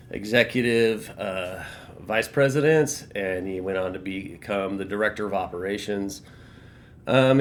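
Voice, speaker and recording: A man's voice: sits low, a little hiss or hum. A middle-aged man telling a long workplace story in a casual, rambling, profane way, with lots of restarts. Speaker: former restaurant shift manager telling a story.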